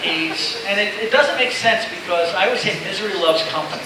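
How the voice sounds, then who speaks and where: A man's voice: high-pitched, fairly quick. A middle-aged man giving an informal safety seminar to pilots, chatty and joking as he rambles through stories. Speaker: seminar speaker. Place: seminar room with audience. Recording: echoey room from far off, noisy.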